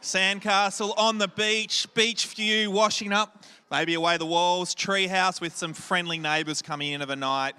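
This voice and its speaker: A man hosting a lively crowd game for children in a large hall, drawing out each question. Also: sits high, smooth. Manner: upbeat, drawn-out questions. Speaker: kids' church host. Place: large hall with a live audience. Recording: hall reverb.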